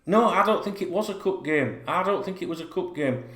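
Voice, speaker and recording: A man's voice: high voice, expressive, fairly quick, a bit bright. A middle-aged man hosting a football fan channel, talking bluntly and rambling in a sweary rant to camera. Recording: roomy echo.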